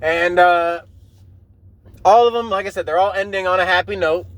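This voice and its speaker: With no room sound in the recording, a man's high, slightly bright voice comes through at a moderate pace. He hosts a podcast and, while driving, rambles emotionally through his stories with constant swearing.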